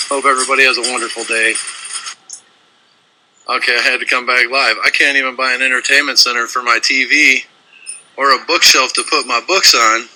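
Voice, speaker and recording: A man's voice: mid-range voice, steady tone, a little fast, noisy background. A man filming himself inside a store on a phone, ranting furiously and sarcastically, swearing often. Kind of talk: angry ranting phone video.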